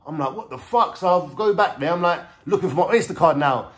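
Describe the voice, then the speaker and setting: A man's voice: a little high, quick pace. A man with a London accent telling a story from his life in casual street slang, with lots of swearing. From England. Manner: street slang, swearing, frequent "you know what I'm saying". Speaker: vlogger.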